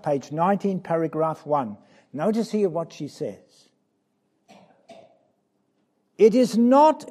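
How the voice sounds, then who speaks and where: A male preacher with a high, warm voice that climbs and falls dramatically. He speaks slowly and passionately, pressing his listeners with questions and dropping from ringing cries to hushed asides. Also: husky. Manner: impassioned, swings from loud cries to low quiet asides. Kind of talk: sermon.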